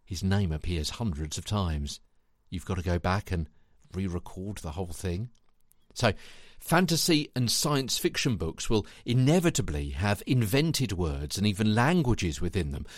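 A man hosting a spoken tutorial podcast, chatty and animated, talking straight to the listener. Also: low voice, measured pace, no room sound, clean studio sound. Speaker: podcast host and voice coach.

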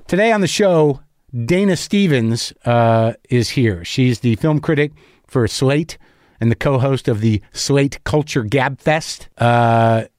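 A man's voice: mid-range voice, darkish tone, dry recording, studio quality. A male podcast host and comedian in a casual, rambling monologue, his voice stuffy, scratchy and a little tired, swearing freely and joking at his own expense. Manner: profane, self-deprecating, loose.

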